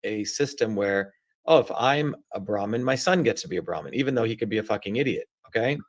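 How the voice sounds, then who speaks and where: A man in his seventies from India, speaking as an interview guest. He explains things bluntly and keeps checking that he is followed. His voice sits somewhat low. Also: lively intonation, brisk, background noise. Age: 70s. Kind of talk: casual conversational interview.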